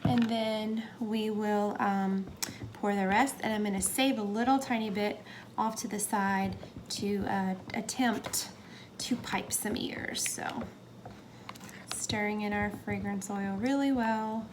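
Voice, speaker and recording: A woman's voice: medium pitch, steady tone, a little slow. A young woman narrating a soap-making session in a chatty, hesitant way, dropping to a whisper now and then. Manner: chatty, hesitant, drops into whispers while working. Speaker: soap maker. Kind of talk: casual how-to narration. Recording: faint background noise.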